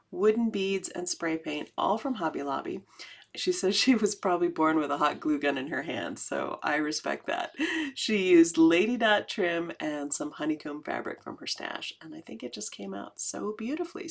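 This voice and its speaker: A woman's voice: fairly low pitch, vocal fry, slightly rough. A middle-aged American woman hosting her cross-stitch channel, chatting casually to viewers and laughing easily as she shows projects. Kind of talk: casual show-and-tell vlog.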